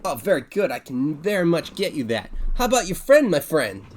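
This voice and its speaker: Man doing a high, fawning bartender. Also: very animated, fairly quick, a little mellow. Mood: eager. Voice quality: high, overly polite, odd phrasing. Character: eager, fawning male tavern bartender.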